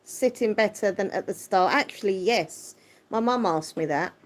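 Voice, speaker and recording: A woman hosting a casual livestream, chatting and answering viewer comments. Her voice is squeaky yet deep, and her manner is chatty and quick to laugh. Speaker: livestream host. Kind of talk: casual live chat, reading viewer comments.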